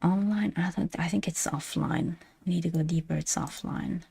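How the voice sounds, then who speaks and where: A woman's voice: on the low side, steady tone, moderate pace, gravelly, mellow, breathy edge. A woman streamer giving playful announcer-style live commentary, repeating her phrases as she goes.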